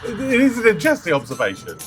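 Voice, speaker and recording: A man's voice: high voice, huge pitch swings, fast talker, over music. A British man hosting a reaction video, chatting casually and restarting his sentences. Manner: chatty, restarting sentences, bursts into loud mock whooping. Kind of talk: casual commentary.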